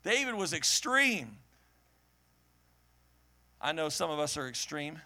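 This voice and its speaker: A man preaching a sermon to a congregation, joking with the crowd and swinging from low murmurs to shouted peaks. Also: sing-song, slow. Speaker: pastor. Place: church hall before a congregation.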